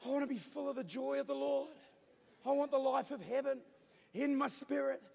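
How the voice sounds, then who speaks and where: A man in his thirties preaching a Pentecostal sermon in a church auditorium, with loud bursts and call-and-response with the congregation. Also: extremely high pitch, moderate pace, gravelly, a little hiss or hum. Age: 30s. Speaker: pastor. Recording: long echo of a large hall.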